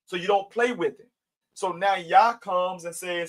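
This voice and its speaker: A man's voice: high-pitched, a little slow, poor audio. A middle-aged man teaching a casual Bible study, mixing scripture readings with everyday talk. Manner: preachy, conversational, with scripture readings.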